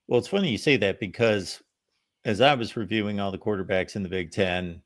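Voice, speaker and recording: Low-voiced steady male host. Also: fairly quick. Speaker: show host. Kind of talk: casual sports talk.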